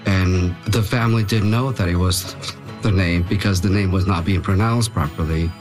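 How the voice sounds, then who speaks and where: A man's voice: low voice, moderate pace, over music. A man speaking in an interview, earnest and reflective. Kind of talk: interview speech.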